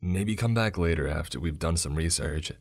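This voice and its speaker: A man voicing his excitable adult male kayaking buddy, who speaks eagerly in a storybook horror tale. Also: deep voice, normal speed. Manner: eager, barely contained excitement.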